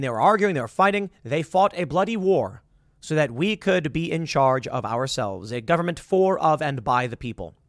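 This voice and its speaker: Sarcastic man ranting with lively pitch. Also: dry recording, studio quality. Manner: sarcastic, acts out mocking voices of others. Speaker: political commentary host. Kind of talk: opinionated monologue.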